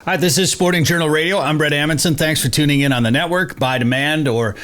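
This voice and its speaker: A man's voice: fairly high pitch, quick pace, a bit bright. Jokey, upbeat radio show host, a man. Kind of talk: casual chat.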